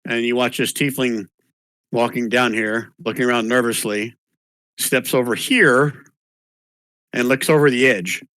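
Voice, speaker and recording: A man acts as game master for a tabletop game, describing the scene and calling for rolls in relaxed narration with small restarts. His voice is medium-pitched and measured, with long pauses, in a dry recording.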